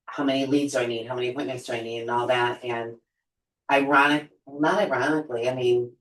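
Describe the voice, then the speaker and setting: A man's voice: mid-range voice, steady tone, fast talker, a bit bright, slight background noise. A man, a real estate agent, sharing at a team meeting, chatty and correcting himself as he goes. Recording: echoey room, mic far off.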